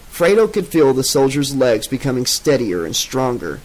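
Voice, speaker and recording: A man narrating a novel in a steady, even way. His voice sits at a middling pitch and keeps the story moving. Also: normal speed, hardly any pauses, low-quality recording. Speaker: audiobook narrator. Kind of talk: audiobook narration.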